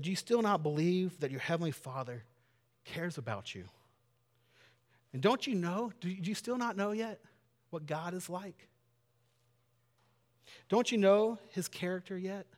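A man doing a calm, softly questioning teacher. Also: high voice, normal speed, pauses often, long reverb tail. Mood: gentle. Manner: soft, quiet questioning. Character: calm, gently probing male teacher.

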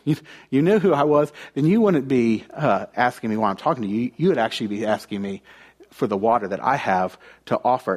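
A man's voice: mid-range voice, a little mellow, breathy edge. A young man from the United States preaching a conversational sermon, telling stories and often restarting his phrases.

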